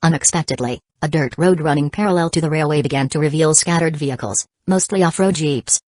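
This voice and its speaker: A woman narrating an audiobook in a steady, even reading voice. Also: low-pitched, a little fast, dry recording. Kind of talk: scripted narration.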